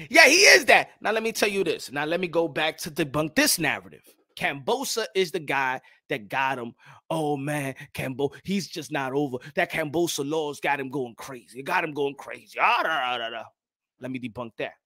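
Man, high voice, bright and sharp, dry close sound, loud profane boxing rant. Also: dry recording. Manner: loud, profane, mocking, repeats himself. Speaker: boxing show host. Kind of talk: animated boxing commentary.

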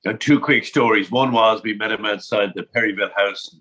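Irish man, bright forceful voice, chatty panel storyteller who stumbles into his sentences. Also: lowish voice, brisk, poor audio. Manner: chatty, repeats words when starting. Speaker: panel guest. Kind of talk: anecdotal storytelling.

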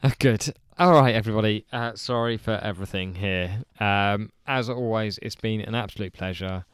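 A man's voice: on the low side, normal speed, smooth, dry recording, clean studio sound. A man hosting a podcast, wrapping up the episode with wry, exasperated asides. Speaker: podcast host. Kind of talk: casual comedic banter.

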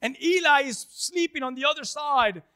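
A man's voice: extremely high pitch, normal speed, pushed and bright, no room sound, clean studio sound. A man preaching a sermon in a conversational way, quizzing his congregation and acting out the voices in the scripture he tells. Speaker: pastor.

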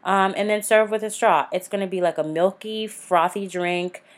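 A woman with a Southern US accent co-hosting a casual chat podcast, laughing often and acting out quick asides. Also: mid-range voice. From American South. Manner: laughs often, animated, drifts into voiced asides. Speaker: podcast co-host.

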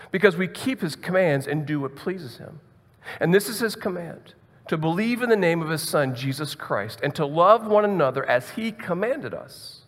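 A man's voice: a little high, fairly bright tone. A man preaching a conversational sermon as pastor, often repeating words as he thinks aloud. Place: church hall. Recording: long hall reverb.

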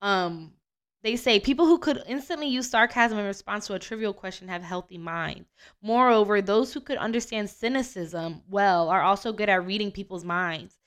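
A woman's voice: mid-range voice, normal speed, fairly bright tone, clear, resonant tone. A young American woman hosting a podcast, chatting casually and reading out fun facts with lots of slang and "bro". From United States. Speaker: podcast host. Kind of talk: casual chat.

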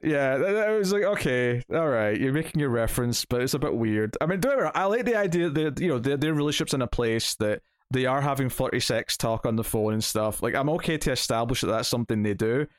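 A man's voice: mid-range voice, fast talker, few pauses, clean tone, dry recording, clean studio sound. A man in his thirties chatting casually about a comic issue, rambling with many restarts and fillers. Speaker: comic book podcast host. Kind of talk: casual chat reviewing a comic.

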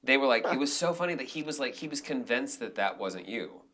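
A man, a director and actor, talking casually in an interview and telling animated stories from the theater with many restarts. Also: mid-range voice, fairly quick, noisy background. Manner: animated, acts out quotes, frequent restarts.

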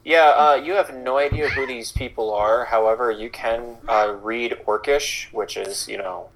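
A man narrating as game master in a casual, halting way with many fillers. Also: medium pitch, steady tone, a bit bright, a little hiss or hum, rough recording.

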